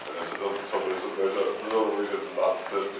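Low-voiced man speaking from across an echoey room. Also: little pitch movement, quick pace. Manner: earnest, stumbles and restarts at the end. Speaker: class participant, teacher's son. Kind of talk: adding a comment in class. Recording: echoey room from far off, dull with background noise.

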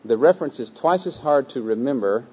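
A man teaching a group to memorize a scripture verse, speaking patiently with fillers and repeating phrases slowly. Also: medium pitch, expressive, husky. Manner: patient, repetitive, slow chanting of phrases with a group. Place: room with a live group. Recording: dull lo-fi recording.

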